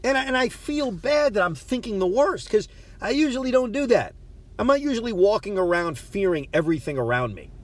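In a parked car, a man hosts a podcast, his high, sing-song voice moving at a fairly quick clip on a dry recording. He tells a story casually and pokes fun at himself, often stammering as he starts over.

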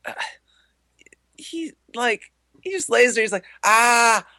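A man's voice: very high-pitched, very animated, a little slow, vocal fry, pushed and bright, no room sound. A man co-hosting a casual movie podcast, animatedly acting out scenes. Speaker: podcast co-host.

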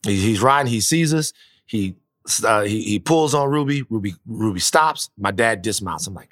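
Bright-voiced man telling a profane story. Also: on the low side, moderate pace, dry recording, studio quality. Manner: profane, animated storyteller with frequent restarts. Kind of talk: casual storytelling chat.

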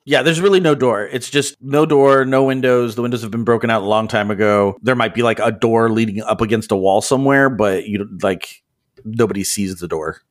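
An easygoing man runs a tabletop game as its game master. He narrates the scene in a relaxed way and laughs often. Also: mid-range voice, fairly quick.

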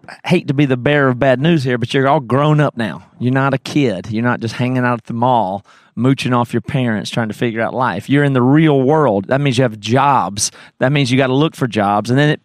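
A man reads a scripted ad directly to the listeners. His voice is mid-pitched and the sound is dry and close. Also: no room sound.

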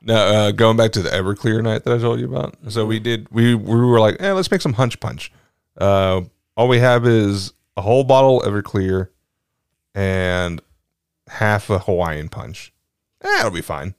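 A man co-hosting a casual podcast who tells stories with frequent laughter and jumps up into a high register. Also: normal speed, clean tone, dry recording, studio quality. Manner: laughs a lot, goes to high, giggly peaks when telling stories. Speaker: podcast co-host. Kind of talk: casual storytelling chat.

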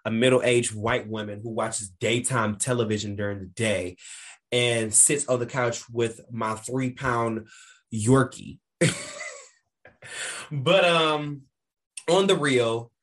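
A man co-hosting a casual podcast, playful and quick to laugh. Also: mid-range voice. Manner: animated, playful, laughing often. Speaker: podcast co-host.

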